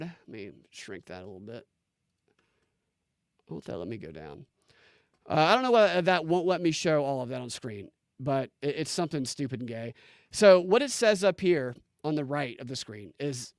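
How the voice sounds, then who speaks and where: An incredulous man hosts a casual commentary show, his voice a touch higher than most men's. He speaks in animated bursts, restarting phrases as he reads posts aloud. The sound is dry and close to the microphone. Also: normal speed, no room sound. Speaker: political commentary show host.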